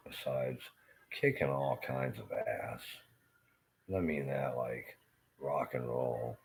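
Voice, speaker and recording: Rambling profane Southern man in a monologue rant, with an extremely low, rumbling voice. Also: creaky, darkish tone, poor audio. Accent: Southern American. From Southern United States. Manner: profane, blunt, rambling, with halting fillers.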